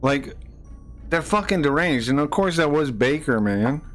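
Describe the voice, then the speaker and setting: An irate man on a live stream lays into his chat, cursing and hammering the same questions over and over. His voice sits a little high for a man and keeps climbing as he gets worked up. Quiet music plays underneath. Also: animated, measured pace. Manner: angry, profane, repeats himself, rising to shouts.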